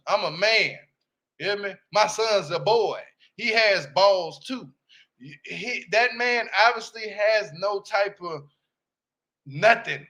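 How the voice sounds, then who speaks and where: A man's voice: high-pitched, moderate pace, bright, forceful tone. A young man in AAVE giving blunt, brash, slang-heavy casual commentary on a reality show, often asking "you hear me?". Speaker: reality TV reviewer.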